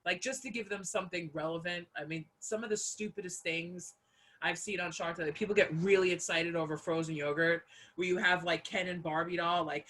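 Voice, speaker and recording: A young woman hosts a casual comedy chat, her voice bright and forward. She tells stories in an animated, giggly way and often breaks into big laughs. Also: on the low side, a little fast. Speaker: host.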